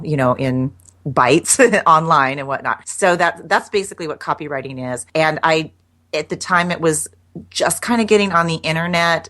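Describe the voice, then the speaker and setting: A woman's voice: sits low, fairly bright tone. A middle-aged woman guest chatting casually in an interview, laughing often and restarting her sentences. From United States.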